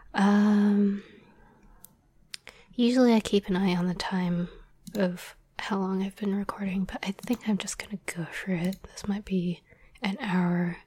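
A young woman talks about writing audio drama scripts in a soft, rambling whisper full of fillers and small laughs, as whispered role-play talk. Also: medium pitch, slightly rough, no echo.

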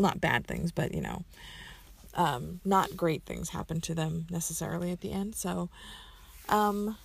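Gravelly low-voiced woman rambling casually. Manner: rambling, many fillers and self-corrections. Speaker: community member answering questions. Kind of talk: casual answering of question list.

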